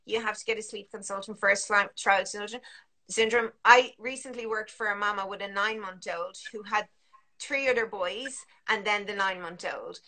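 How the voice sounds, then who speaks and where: A woman's voice: mid-range voice, normal speed, sharp tone. A woman, a sleep consultant chatting casually on a live video call, full of fillers and restarts. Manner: chatty, many restarts and fillers, acts out parents and children.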